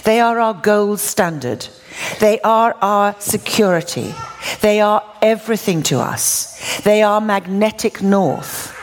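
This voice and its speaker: A woman's voice: mid-range voice, slow pace. An older woman preaching a sermon, telling stories with laughter and acting out the dialogue. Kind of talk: storytelling sermon.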